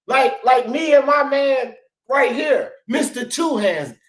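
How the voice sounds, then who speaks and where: A man hosts a sports talk stream, arguing in a fired-up, profane, emphatic debate and calling people "bro" and "dog". His very high voice is animated yet slow, with a roomy echo.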